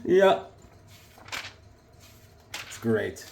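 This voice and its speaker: Excited man showing off comics. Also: very slow, slight background noise. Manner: enthusiastic, rambling, chuckling. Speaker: comic book collector showing his collection. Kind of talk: casual show-and-tell chat.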